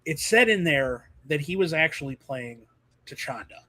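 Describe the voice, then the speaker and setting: A man hosting a casual movie podcast, rambling and animated with lots of fillers over a video call. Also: fairly high pitch, normal speed. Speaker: podcast host.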